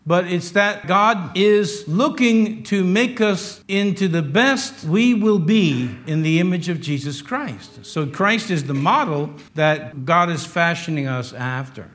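A man's voice: sits high, animated, slow pace, few pauses. Man in his sixties preaching with wry humor. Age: 60s. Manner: conversational, wry humor, swings between loud emphasis and quiet asides. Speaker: pastor. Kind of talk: sermon.

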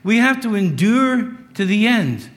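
A man in his sixties preaching a sermon in a conversational way, with wry humor, moving between loud emphasis and quiet asides. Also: sits high, very animated, measured pace. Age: 60s. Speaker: pastor.

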